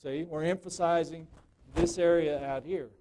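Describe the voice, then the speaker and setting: A man leads a hands-on woodturning demonstration at a club meeting. His voice sits a little high, and he talks in a loose, folksy way. He checks in with the room by asking "okay?" again and again. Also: steady tone, moderate pace, warm tone. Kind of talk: live workshop demonstration to a club.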